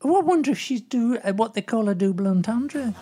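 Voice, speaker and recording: A woman's voice: a little high, expressive, fairly quick, lightly acted. A woman playing a gossipy older woman agony aunt in a comedy sketch, rambling with lots of asides. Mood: chatty. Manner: rambling, full of "you know" and asides.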